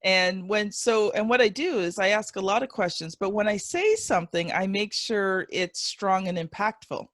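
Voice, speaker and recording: A woman's voice: medium pitch, animated, fairly bright tone, dry recording, studio quality. A woman hosting a podcast interview, chatting encouragingly and sharing her own experience. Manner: encouraging, quick to laugh along. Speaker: podcast host. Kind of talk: conversational interview.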